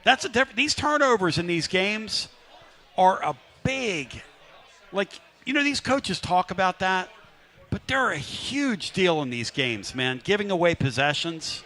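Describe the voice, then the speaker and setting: A man hosting a live sports talk radio show from a restaurant, talking loud and hyped as he works up the crowd. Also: high voice, lively intonation, measured pace. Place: live remote broadcast at a riverside restaurant.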